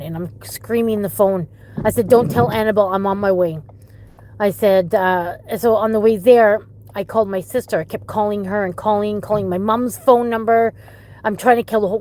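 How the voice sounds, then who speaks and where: A middle-aged woman from Canada, a bereaved mother giving personal testimony in halting, emotional storytelling full of restarts. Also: mid-range voice, a little mellow, a little hiss or hum.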